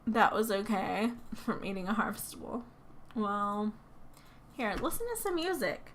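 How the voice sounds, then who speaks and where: Slow, chatty woman talking to her game. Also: mid-range voice, very animated, slight background noise. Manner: chatty, talks to her game characters and laughs often. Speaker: gaming channel host. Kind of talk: casual let's play commentary.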